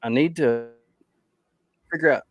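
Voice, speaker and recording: A man's voice: mid-range voice, measured pace, dry recording, studio quality. A tired man co-hosting a podcast, chatting casually and rambling as he loses his train of thought. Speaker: podcast co-host.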